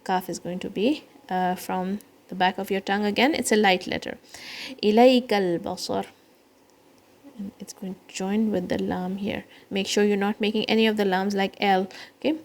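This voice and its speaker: A woman teaching children Quran recitation, explaining each letter slowly and patiently, step by step. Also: medium pitch, steady tone. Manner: breaks into quicker chanted recitation lines. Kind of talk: slow, patient kids' lesson.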